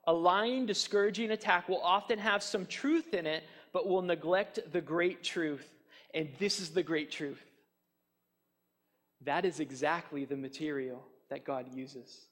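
High-voiced preacher, animated. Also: male voice, measured pace, big-room sound. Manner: animated, mocks enemies' taunts in a raised voice; chatty asides with fillers and restarts. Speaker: pastor. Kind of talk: sermon.

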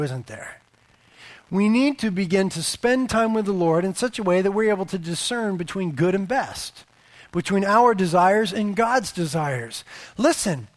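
High-voiced man preaching emphatically. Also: dry recording. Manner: emphatic, rhetorical repetition. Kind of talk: sermon.

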